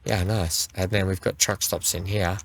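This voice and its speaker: A deep, fairly flat voice at normal speed comes through over faint music. The man hosts a game playthrough, chatting away and speaking to the game's vehicles.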